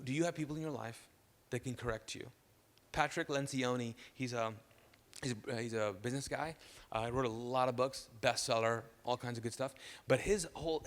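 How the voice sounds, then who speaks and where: A man preaching a sermon as pastor, animated, repeating phrases and acting out the voices he quotes. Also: mid-range voice. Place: church auditorium. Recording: reverberant church hall.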